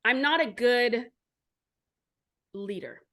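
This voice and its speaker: A woman in her forties, an entrepreneur, tells her story as an interview guest, blunt and animated and swearing often. Her voice is on the high side, and she speaks at a slow pace.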